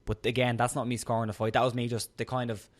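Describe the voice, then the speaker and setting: A man with an Irish accent co-hosting a casual podcast, chiming in often with quick agreement. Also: medium pitch, flat delivery. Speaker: podcast co-host. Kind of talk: casual chat.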